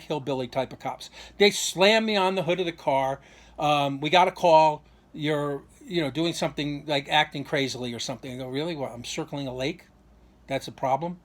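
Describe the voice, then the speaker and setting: A man's voice: fairly high pitch, fairly bright tone. Aggrieved man telling a rambling story. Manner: rambling, aggrieved, full of restarts and asides. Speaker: vlogger. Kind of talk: personal storytelling monologue.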